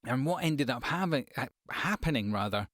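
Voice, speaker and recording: A man's voice: mid-range voice, lively intonation, moderate pace, a bit bright, no echo. Chatty man, dry close mic. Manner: chatty and self-deprecating, many fillers and restarts. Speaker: voice-over artist and channel host. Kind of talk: casual tips video to camera.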